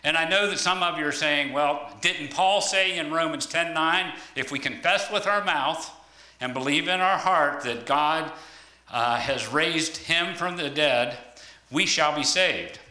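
A man's voice: a little high, a little slow, bright, forceful tone. A man giving a conversational sermon, searching for words with frequent ums and restarts. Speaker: lay preacher. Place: church hall. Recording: echoey room.

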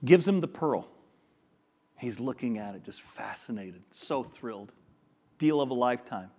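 Animated male preacher telling a story. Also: mid-range voice, normal speed. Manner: animated storyteller acting out dialogue. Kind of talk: sermon with storytelling.

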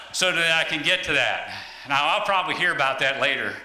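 A man's voice: fairly high pitch, lively intonation, a little fast, few pauses, background noise. A man giving a conversational sermon, searching for words with frequent ums and restarts. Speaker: lay preacher. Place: church hall. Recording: echoey room.

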